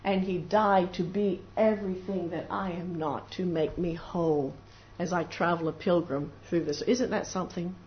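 A woman's voice: fairly low pitch, steady tone, normal speed, few pauses. A woman preaching a devotional sermon in an earnest way, sometimes acting out the voices of doubters and of people praying. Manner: earnest, acts out little voices of doubters and prayers. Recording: dull lo-fi recording with faint noise.

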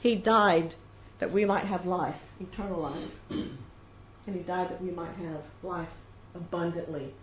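At a measured pace, a woman with a fairly low pitch and fairly even intonation preaches a devotional sermon. She is earnest and sometimes acts out doubters' voices and prayers. Sound quality: dull and lo-fi, faint noise.

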